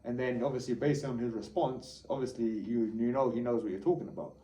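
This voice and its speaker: A travel vlogger with a London accent talks casually to camera, a little tired, rambling and boastful as he swears freely. His medium-pitched voice is steady, fairly quick and mellow. There's a roomy echo and a faint background hum.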